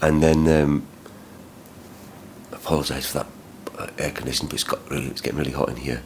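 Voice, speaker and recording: A man's voice: very deep voice, fairly even intonation, quick pace, noisy background. A man vlogging about his travels, talking in a rambling, heated way with plenty of swearing and restarts. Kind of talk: vlog storytelling.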